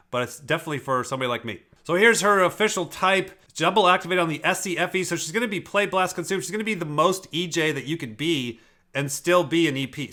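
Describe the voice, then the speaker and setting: A man's voice: a little high, sharp tone. A man giving casual commentary on video clips, explaining in an emphatic, profane way. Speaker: personality typing commentator.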